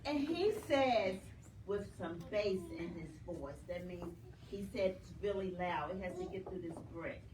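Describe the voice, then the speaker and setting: A woman reading a children's story aloud at a library storytime, animated and coaxing the children to join in. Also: lowish voice, unhurried. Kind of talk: reading a picture book aloud to young children. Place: library program room, indoors. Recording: echoey room, mic from far off, noisy.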